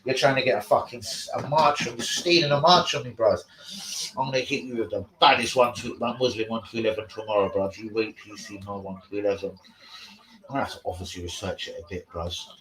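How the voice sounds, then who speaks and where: A man hosting a casual live stream, sweary and excitable, talking to his chat about football. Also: fairly low pitch, quick pace, reverberant, rough recording.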